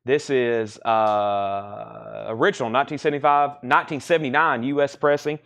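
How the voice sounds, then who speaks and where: Guy hosting a live vinyl sale stream, rattles off titles and prices, repeats them, mid pitch. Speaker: record sale host. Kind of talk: live sales stream chat. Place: record shop during a live stream.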